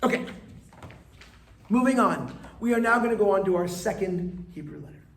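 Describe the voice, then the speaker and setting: A man's voice: sits high, animated, moderate pace, gravelly. A man, a rabbi, teaching an informal Hebrew lesson with joking side notes and call-and-response vowel drills. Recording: echoey room.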